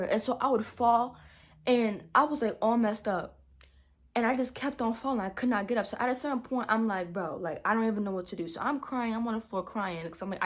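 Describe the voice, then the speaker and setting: A young adult woman telling a dramatic story in a casual vlog, talking straight to her viewers with lots of "like" and "y'all". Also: a little high. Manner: animated, dramatic storytelling, heavy use of "like", addresses viewers as y'all. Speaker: vlogger.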